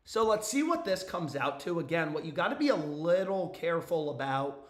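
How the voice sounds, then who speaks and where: A young man with a hoarse, worn-out voice, chatting casually on a live stream about sports bets, loose and profane. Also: on the high side, sing-song, measured pace, echoey room. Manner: loose and profane, frequent "bro" and "dude" asides. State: hoarse, voice nearly gone.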